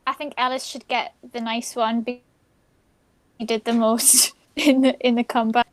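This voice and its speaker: Higher-voiced woman player, dry recording. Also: level tone, moderate pace, no echo. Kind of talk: tabletop game play.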